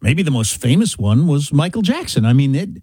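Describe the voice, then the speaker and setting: A man's voice: on the high side, sing-song, a little fast, a little mellow, slightly rough, dry recording. A man co-hosting a talk radio show, giving blunt opinions in casual banter. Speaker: radio co-host.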